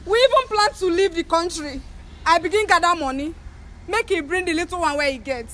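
A woman's voice: very high-pitched, brisk, sharp tone. A young Nigerian woman, tearful, angry and accusing, confronting the ex-partner who left her. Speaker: ex-girlfriend confronting a former partner. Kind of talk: emotional street confrontation.

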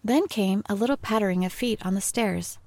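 A woman narrating a storybook in a measured, even storytelling voice. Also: medium pitch. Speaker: audiobook narrator.

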